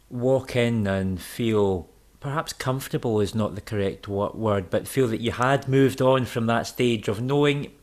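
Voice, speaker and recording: A man's voice: medium pitch, a little mellow. A man interviewing a guest, asking long and carefully worded questions.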